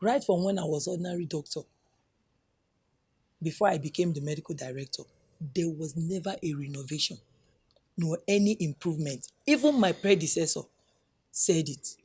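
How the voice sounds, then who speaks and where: An actress playing a grateful hospital director, speaking with a Nigerian accent. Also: female voice, low-pitched, normal speed, long pauses, darkish tone, husky. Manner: grateful and pleading. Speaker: medical director.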